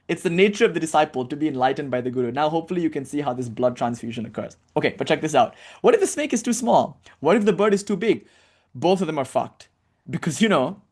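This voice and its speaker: A male spiritual teacher gives a casual lecture in a slightly high voice. He is animated and blunt, drops the odd swear word and acts out his examples.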